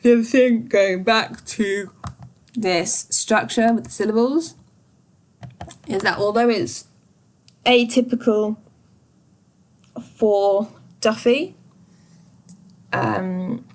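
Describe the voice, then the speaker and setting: A woman giving a revision lesson on a poem, thoughtful and pausing often with small fillers. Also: mid-range voice, a little mellow. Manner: slow, thoughtful, pauses often with ums. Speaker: teacher.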